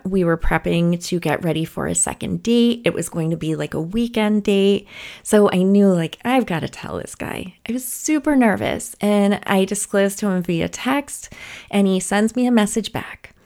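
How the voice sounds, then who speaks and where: A woman's voice: medium pitch, normal speed, creaky, darkish tone. A woman hosting a podcast, telling a personal story in a candid, chatty way and laughing now and then. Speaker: podcast host. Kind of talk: casual solo podcast storytelling.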